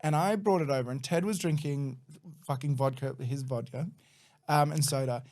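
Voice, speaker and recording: A young man on a podcast, telling a story in a casual, animated way, with a lot of swearing. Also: medium pitch, moderate pace. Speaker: podcast guest.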